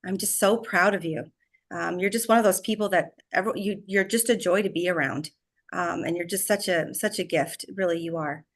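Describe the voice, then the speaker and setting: A woman's voice: lowish voice, steady tone, normal speed. A woman hosting an online community call, effusive, praising and openly emotional. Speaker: host. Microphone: video call.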